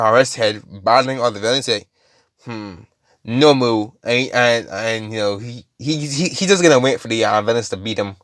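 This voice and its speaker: A man's voice: medium pitch, a bit bright, no room sound, clean studio sound. A man casually retelling a story, rambling with lots of fillers and restarts.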